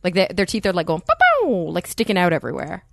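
A woman's voice: lowish voice, rapid-fire, vocal fry, no echo. A woman in a casual podcast chat, questioning and saying 'like' a lot.

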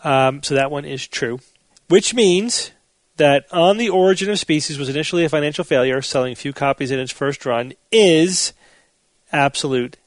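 A man hosting a casual podcast chat, explaining things in a measured way. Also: fairly high pitch, no room sound. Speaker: podcast host.

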